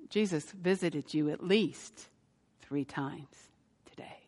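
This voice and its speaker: A woman's voice: low voice, takes it slowly. Woman pastor preaching, storytelling, voice ringing round a church hall. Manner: storytelling, lively when quoting. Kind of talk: sermon.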